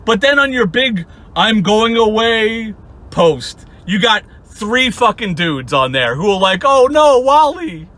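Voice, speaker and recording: A man's voice: high-pitched, lively intonation, takes it slowly, sharp tone. A young man hosting his channel, ranting at someone in sarcastic, profane commentary and laughing often. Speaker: channel host.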